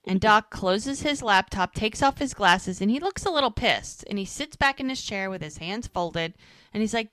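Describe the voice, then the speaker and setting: A woman's voice: medium pitch, moderate pace, clean tone, no room sound. A woman co-hosting a podcast, casually recapping a TV episode and acting out the characters' lines as she goes. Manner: animated retelling, acting out quotes. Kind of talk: casual chat.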